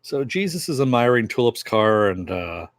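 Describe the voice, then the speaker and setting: A man's voice: mid-range voice, big pitch swings, normal speed, dry recording, studio quality. A man reviewing a TV episode, casually retelling the plot in a loose, rambling way and chuckling now and then. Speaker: TV series reviewer.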